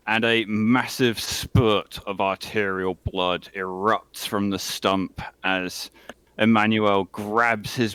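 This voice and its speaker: A man running a tabletop game as game master, narrating in a calm, matter-of-fact way. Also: fairly low pitch, clear, resonant tone, no echo.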